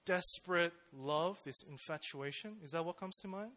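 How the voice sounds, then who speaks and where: A man's voice: on the high side, moderate pace, pushed and bright. A young man speaking at church in a casual, conversational sermon, full of fillers and questions to his listeners. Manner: informal, with many fillers and rhetorical questions.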